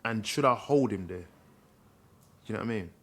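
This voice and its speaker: A man's voice: on the low side, normal speed, husky. A middle-aged man, a guest, candidly telling a personal story in a reflective way. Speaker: guest, social worker.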